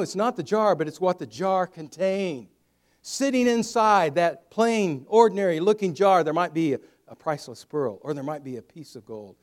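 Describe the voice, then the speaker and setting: A male pastor preaches a sermon, telling stories as he goes. His voice sits fairly high, and he swings from loud, urgent passages to hushed ones.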